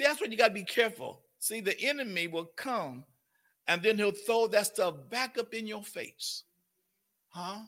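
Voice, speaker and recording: A man preaching at a fairly high pitch, his voice bright and gravelly. He talks emphatically and keeps throwing rhetorical questions to the congregation. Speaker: pastor. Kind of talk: sermon.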